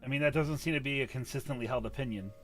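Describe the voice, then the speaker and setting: A man's voice: medium pitch, racing, fairly bright tone, faint music behind. A man from the US Midwest hosting a casual stream chat, joking, swearing and laughing often. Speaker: streamer host.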